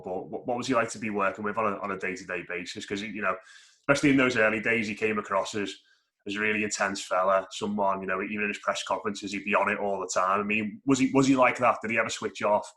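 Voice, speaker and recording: A man's voice: fairly low pitch, pushed and bright. A man hosting a casual interview, asking long rambling questions with several restarts. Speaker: podcast host.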